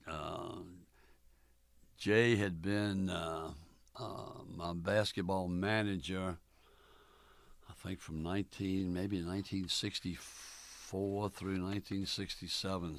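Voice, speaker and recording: Older man, former coach, oral history interview, gravelly, low-pitched, folksy storytelling, dry close sound. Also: fairly even intonation, no room sound. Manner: folksy, unhurried, many fillers, quotes dialogue.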